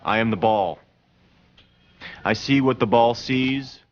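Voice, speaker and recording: An actor playing a solemn male bowling mentor who gives slow, hushed advice. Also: mid-range voice, lo-fi sound, slight background noise, lightly acted.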